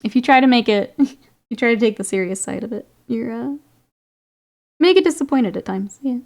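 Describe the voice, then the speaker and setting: A woman's voice: a little high, expressive, normal speed, gravelly, a little mellow. A woman streaming while painting miniatures, chatting casually with viewers, reading their comments and laughing often. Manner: chatty, laughs often, reads and answers chat.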